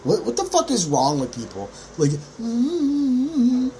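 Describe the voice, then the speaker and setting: Brash swearing man ranting, lively pitch. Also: slow, background noise. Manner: loud, brash and swearing, with sudden high yelps. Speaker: podcast host. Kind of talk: profane ranting monologue.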